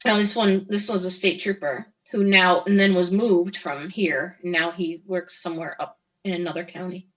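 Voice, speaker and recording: A middle-aged woman telling her own story as an interview guest, halting, with frequent restarts and pauses. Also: lowish voice, fairly even intonation, poor audio. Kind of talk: personal testimony in conversation.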